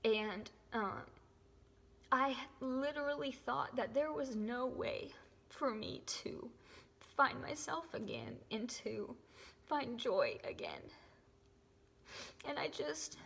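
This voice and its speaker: A young woman gives an earnest, emotional faith testimony to camera, often dropping to a soft whisper. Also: high voice, very animated, slow, creaky, long pauses, breathy edge. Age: young adult. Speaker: faith vlogger. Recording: echoey room with long reverb.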